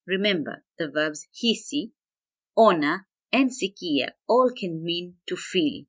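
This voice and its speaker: Slow, deliberate woman teaching phrases. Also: lowish voice, lively intonation. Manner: says each phrase twice, clearly and deliberately. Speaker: language teacher. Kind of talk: slow, careful lesson with repeated phrases.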